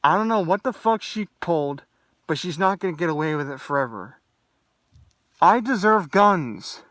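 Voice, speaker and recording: A man's voice: a little high, animated, brisk, no room sound. A young man on a vlog, ranting angrily and swearing heavily in a profane, agitated way. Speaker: vlogger. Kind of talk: angry solo rant to camera.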